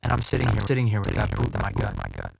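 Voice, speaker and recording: A man narrating an audiobook in first person, with a measured, tense, dramatic reading. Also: lowish voice, fairly even intonation, vocal fry. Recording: loud background hiss.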